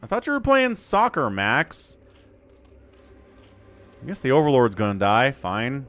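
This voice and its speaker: Lively male game-stream caster. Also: medium pitch, unhurried. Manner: chatty, turns to excited play-by-play during fights. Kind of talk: live-stream game commentary and chat with viewers.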